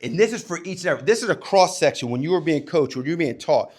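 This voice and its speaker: A man and former coach giving a motivational talk to young people, emphatic, swinging between loud and hushed delivery. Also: on the high side, lively intonation, fast.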